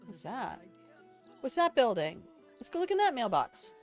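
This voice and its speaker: A woman's voice: fairly high pitch, wildly swooping pitch, moderate pace, soft background music. Older woman chatting over her gameplay. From Alabama, United States. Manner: chatty, rambling storyteller talking to chat. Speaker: game streamer. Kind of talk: casual let's-play commentary.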